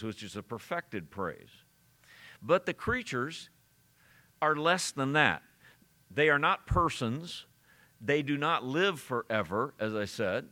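A man with a bright, forward voice delivers a verse-by-verse sermon as pastor. He speaks earnestly, often stopping on fillers and repeating words. He slows and lifts his voice to stress key phrases. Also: mid-range voice. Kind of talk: expository sermon.

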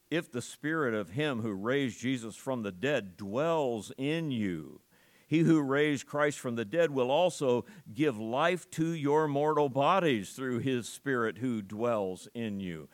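Man, mid-pitched, earnest conversational preacher reading and explaining scripture.

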